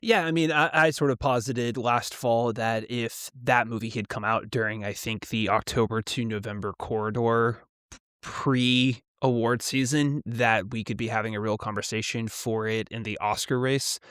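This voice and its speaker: Male co-host, smooth resonant voice, measured and articulate, dry sound. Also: mid-range voice, fairly even intonation, a bit bright, no echo. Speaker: podcast co-host. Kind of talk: casual chat.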